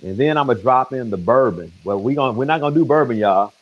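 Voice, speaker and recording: A man's voice: mid-range voice, lively intonation, fast, dull audio. A man chatting and joking with viewers by name as he cooks in his home kitchen. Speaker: home cook streaming to viewers. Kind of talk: casual live cooking chat. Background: sizzling pan.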